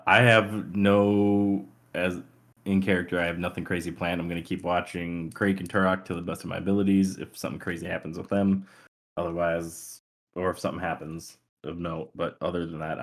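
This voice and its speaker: A man's voice: low-pitched, steady tone, fairly quick. A man who plays in a tabletop game, talking in an easygoing, rambling and hesitant way. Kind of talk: casual chat after a tabletop game session.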